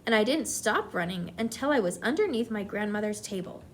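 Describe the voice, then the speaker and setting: A woman teacher reading a children's book aloud to her class, with expressive, animated delivery. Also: medium pitch, brisk, a little hiss or hum.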